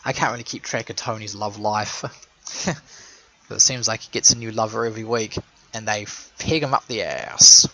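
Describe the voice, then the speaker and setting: A man's voice: lowish voice, normal speed, pushed and bright, rough recording. A man giving a rambling, sarcastic casual commentary, laughing at his own jokes. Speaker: show fan and caller.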